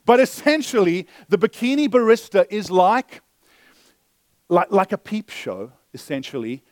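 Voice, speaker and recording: A male pastor telling a story in a sermon, animated, swinging between loud bursts and hushed asides. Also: high voice, dry recording.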